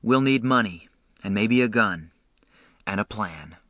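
A man's voice: lowish voice, expressive, measured pace, a bit bright, dry recording, studio quality. A man reading a nervous teenage boy on the run, speaking urgently in a storybook reading.

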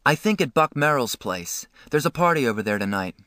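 A man's voice: medium pitch, big pitch swings, fairly quick, bright, forceful tone, no room sound, clean studio sound, voice pushed up. A man reading a nervous teenage boy on the run, speaking urgently in a storybook reading.

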